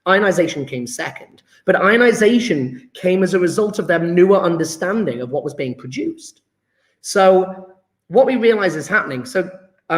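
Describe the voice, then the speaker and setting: High-voiced chatty chemistry teacher. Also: male voice. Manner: chatty, enthusiastic, praising students by name. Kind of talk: live online lesson. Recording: roomy echo.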